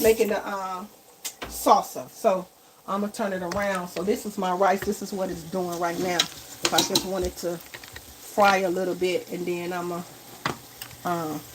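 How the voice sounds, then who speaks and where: A chatty home cook and vlogger with a medium-pitched voice streams a casual live cooking vlog from her home kitchen, repeatedly calling viewers y'all and baby. Loud frying and sizzling from her pans fill the kitchen recording.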